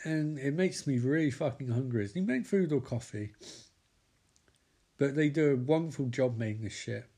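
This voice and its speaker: A man's voice: mid-range voice, normal speed, warm tone, breathy edge. A man giving a sweary, rambling comedic recap of a TV episode, mocking the characters in put-on voices.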